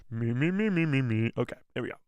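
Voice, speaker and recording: A young man hosting a casual live stream, excitable and joking as he talks straight to his chat. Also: mid-range voice, clean tone, no room sound.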